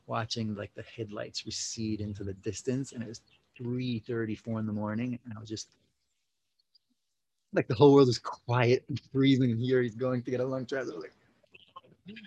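A man's voice: fairly low pitch, a little hiss or hum, low-quality recording. A young man, telling a personal story casually many fillers, acting out quotes. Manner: animated, full of 'you know, like' fillers, acts out quotes.

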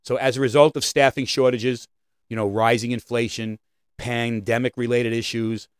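The podcast host has a clean, mid-range voice at normal speed, with no echo in the recording. He rants casually and animatedly, swearing here and there and asking "right?" again and again.

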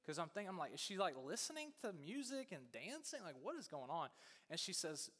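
A man preaching, telling a story in a casual, animated way with many fillers. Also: high-pitched, a little fast, long reverb tail. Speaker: pastor.

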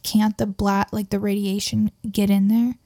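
A woman's voice: mid-range voice, level tone, normal speed, mellow, no echo. Woman podcast co-host, playful and giggly, casual talk, dry close mic. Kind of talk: casual chat.

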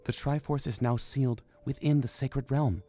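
A man voicing a gentle, sorrowful young princess in an audiobook, speaking softly but firmly. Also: mid-range voice, fairly even intonation, moderate pace, faint music behind, pitched above the performer's own voice, lightly acted. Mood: earnest. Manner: soft, gentle and firm by turns. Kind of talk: audiobook character voice.

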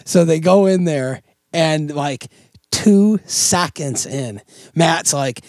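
A young man with a fairly high voice rattles off a profane, rambling story as a podcast co-host. He is from upstate New York and recorded close and dry. The delivery is loose and animated. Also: slow pace, no echo. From Oswego, New York. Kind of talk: casual storytelling chat.

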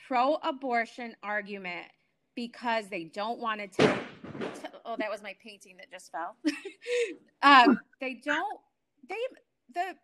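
A woman in her forties, a guest on a talk show, telling an emotional personal story at home in an animated way, full of restarts. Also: on the high side.

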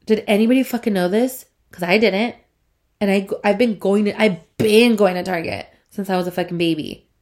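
A woman's voice: mid-range voice, a little fast, a little mellow. A woman around thirty hosting a casual solo podcast, talking in a rambling, profane, chatty way with a congested, stuffed-up voice. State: congested, breathing through mouth. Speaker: podcast host.

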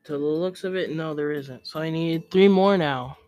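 A young man giving casual gameplay commentary, chatty and excitable, who scolds the game character in sudden yelps. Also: on the high side, normal speed, clean tone, soft background music. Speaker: let's play gamer.

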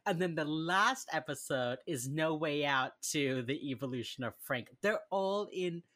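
Woman, very deep voice, dry sound, laid-back, teasing, casual podcast chat. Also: expressive, a little slow, fairly bright tone, no echo. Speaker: podcast co-host.

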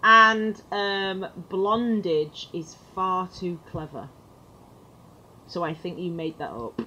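Slow-talking giggly woman. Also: on the low side, bright, forceful tone, muffled recording, a little hiss or hum. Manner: giggly and teasing. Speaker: podcast co-host. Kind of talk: casual chat.

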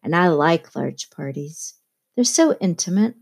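A woman's voice: lowish voice, lively intonation, a little slow, gravelly, a little mellow, breathy edge, heavily acted. A woman reader voicing a worldly young woman who speaks in an urbane, offhand way in an audiobook.

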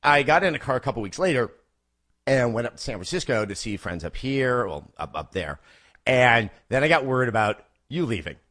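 A man in his forties talking as a podcast guest in casual chat, an animated storyteller who stammers and repeats words. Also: medium pitch, fairly quick.

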